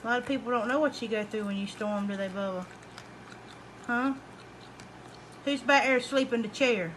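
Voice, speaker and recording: Woman, fairly high, gentle and coaxing, repeating her questions; faint background noise. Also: normal speed. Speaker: mother caring for her son. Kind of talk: coaxing bedside talk. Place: hospital room.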